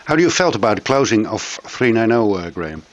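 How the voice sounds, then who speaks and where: A man's voice: on the low side, very animated, a little fast, dry recording, lo-fi sound. A man interviewing a guest, asking short questions phrased with slight slips.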